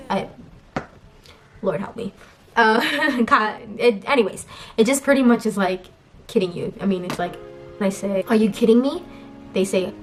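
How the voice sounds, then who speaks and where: A woman's voice: on the high side, unhurried, faint music behind. A young woman from the US, chatting casually in a vlog and explaining words with lots of fillers. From United States. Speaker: vlogger.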